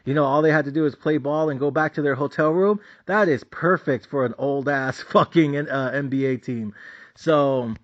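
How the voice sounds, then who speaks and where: A man giving a blunt, profane, casual rant about basketball as a channel host. His voice sits a bit high, and the recording is dull and lo-fi. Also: normal speed. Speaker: sports betting channel host. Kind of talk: casual ranting commentary. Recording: dull lo-fi sound.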